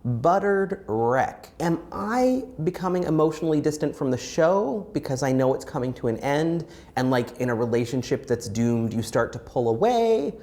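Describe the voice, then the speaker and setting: Hoarse American woman, low and lively voice, wry co-host. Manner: wry and dramatic, given to quick jokes. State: hoarse from a chest infection. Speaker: co-host of recap show. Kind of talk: casual critique chat.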